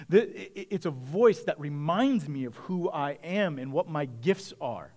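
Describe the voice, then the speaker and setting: A man's voice: a little high, lively intonation, a little slow, few pauses, darkish tone. A man preaching a sermon as pastor, talking to the congregation in a conversational, reflective way.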